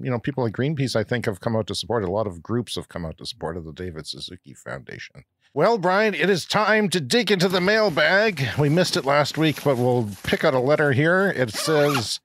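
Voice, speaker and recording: Animated, wry Canadian man co-hosting. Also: medium pitch, brisk, no echo, studio quality. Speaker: podcast co-host. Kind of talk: casual podcast chat.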